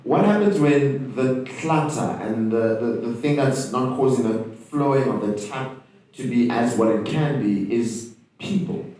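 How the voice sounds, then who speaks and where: A man's voice: mid-range voice, measured pace, dark tone, recorded from a distance. A man moderating a panel discussion, asking long, conversational questions. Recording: echoey hall, voice from off the mic.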